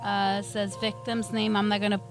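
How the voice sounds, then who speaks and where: A woman's voice: medium pitch, little pitch movement, normal speed, vocal fry, over music. A woman co-hosting a podcast, reading news items aloud and making sassy, blunt remarks. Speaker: podcast co-host.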